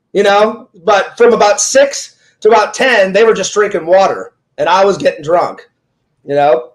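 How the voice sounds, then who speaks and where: A man in his forties with a high voice, spinning a rambling casual story in an interview. He keeps slipping into quoting what his friends said, stacking "he goes" on "he goes". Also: low-quality recording. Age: 40s. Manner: rambling retelling full of "he goes" quotes. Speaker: interviewer and streamer.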